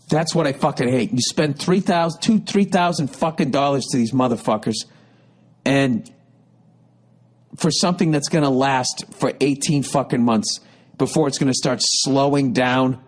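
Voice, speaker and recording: A middle-aged man hosting a podcast, telling a profane, rambling comic story with exasperated rants. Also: medium pitch. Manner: rambling, exasperated, heavy swearing, ranting with rising intensity. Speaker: podcast host.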